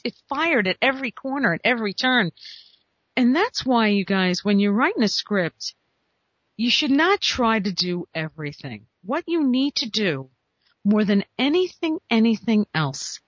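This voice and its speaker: Lively woman giving emphatic screenwriting advice. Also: fairly high pitch, moderate pace, no echo. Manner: animated and emphatic, with rhetorical questions. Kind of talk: energetic advice monologue to viewers. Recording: dull, dry, lo-fi recording.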